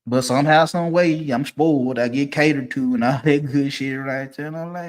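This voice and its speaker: A man, ranting casually and profanely, swinging from low mutters to loud, emphatic bursts. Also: normal speed, hardly any pauses. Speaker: streamer giving opinions.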